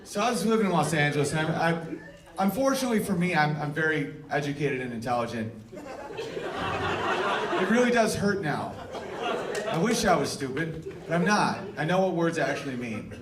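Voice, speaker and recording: A man's voice: a little high, very animated, moderate pace, pauses often. A man doing stand-up comedy on a stage, riffing brashly with the crowd and playing a guitar. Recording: roomy live room with loud guitar.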